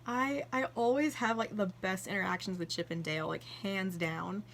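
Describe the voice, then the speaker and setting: A chatty young woman talks her way through a journal flip-through in a gushing vlog style, often acting out bits of dialogue. Her voice sits at an ordinary middle pitch for a woman, with a faint background hiss. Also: moderate pace, fairly bright tone. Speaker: vlogger. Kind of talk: casual chat flipping through a journal.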